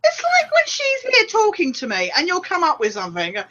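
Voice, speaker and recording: Giggly high-voiced woman, lo-fi audio. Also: huge pitch swings, a little fast, pushed and bright. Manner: giggly, laughs often. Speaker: podcast co-host. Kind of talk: casual chat.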